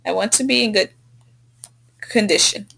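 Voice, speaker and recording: A woman tutoring English who slowly and patiently repeats and models corrected sentences, recorded on a computer mic. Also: medium pitch, creaky, a bit bright, slight background noise. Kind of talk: screen-recorded correction feedback. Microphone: computer mic on a screen recording.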